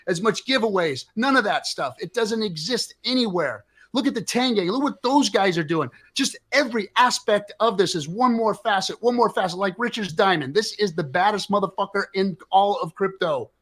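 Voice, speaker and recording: A man's voice: high voice, lively intonation, normal speed, hardly any pauses, a bit bright. Fired-up, profane middle-aged male host. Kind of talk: impassioned livestream rant.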